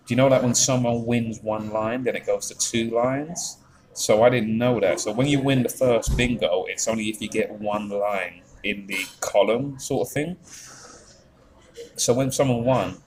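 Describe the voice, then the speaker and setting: A man's voice: lowish voice, slight background noise, rough recording. A man with a Yorkshire accent chatting on a live stream, rambling, swearing freely and reading out chat messages. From England.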